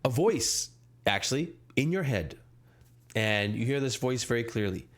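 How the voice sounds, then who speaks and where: A man's voice: mid-range voice, lively intonation, measured pace. A young man as dungeon master, narrating a tabletop game in a rambling way with many restarts.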